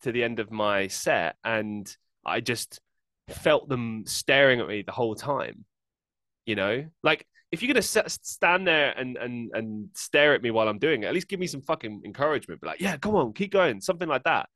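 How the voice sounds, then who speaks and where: A man's voice: mid-range voice, moderate pace, no room sound. A man hosting his own podcast, telling gym stories in a casual rant that swings between exasperated, sweary and laughing. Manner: animated, swearing and laughing while venting. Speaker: podcast host.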